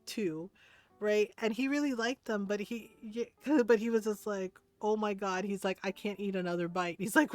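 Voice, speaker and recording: A woman's voice: mid-range voice, dry recording. A woman streamer chatting casually while she plays a building game, rambling through stories and laughing often. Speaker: livestreamer.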